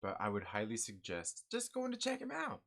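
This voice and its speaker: Man, comic channel host, casual live-stream chat, upbeat, rambling, lots of fillers, bright tense tone. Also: lowish voice, huge pitch swings, fairly quick, vocal fry.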